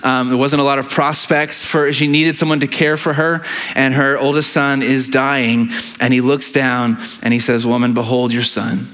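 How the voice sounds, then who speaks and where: A male pastor preaching a sermon in a conversational way, often restarting his phrases and filling pauses, with frequent tag questions to the congregation. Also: mid-range voice, level tone, a bit bright. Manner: halting delivery with many fillers and restarts.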